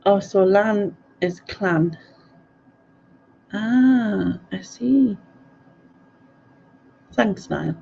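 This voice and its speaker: A woman's voice: mid-range voice, very slow, vocal fry, long pauses, mellow, a little hiss or hum. A middle-aged woman, chatting casually on a live stream and answering viewer comments, giggling often and tripping over place names. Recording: dull lo-fi audio.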